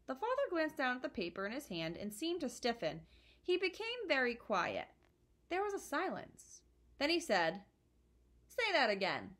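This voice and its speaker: A woman reading a children's book aloud to her listeners in a warm, expressive way. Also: high-pitched, moderate pace. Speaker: storyteller.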